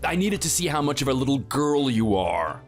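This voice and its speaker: A man's voice: mid-range voice, very animated, normal speed, faint music behind, natural voice. A man voicing a boastful, muscle-bound bully who taunts his neighbor, read in a synthetic texting-story style. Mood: taunting. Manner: taunting, sneering. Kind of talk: text-to-speech texting story.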